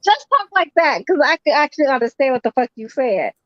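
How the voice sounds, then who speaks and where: Blunt, high-voiced woman co-host. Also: sing-song, a little fast, no room sound, lo-fi sound. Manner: blunt, loud, swearing, slangy. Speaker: boxing stream co-host. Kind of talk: casual live commentary chat.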